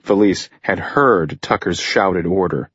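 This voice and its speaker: A low, husky male voice reads an action story with slow, deliberate weight, each line measured and dramatic. The recording is dry and close, with a somewhat dull, lo-fi sound. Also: a bit bright, no room sound. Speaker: audiobook narrator. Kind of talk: scripted narration.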